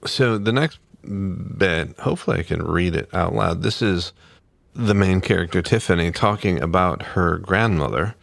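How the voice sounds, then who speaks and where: A man's voice: low voice, expressive, unhurried, gravelly, no echo. A man co-hosting a book club podcast, chatting unhurriedly with fillers and reading aloud. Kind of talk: casual chat and reading aloud.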